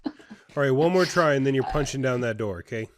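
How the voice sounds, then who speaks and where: A man's voice: medium pitch, animated, a little fast, slight background noise. A young man co-hosting a casual game playthrough, chatty and rambling as he tells stories. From Canada. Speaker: gaming co-host. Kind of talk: casual gameplay chat.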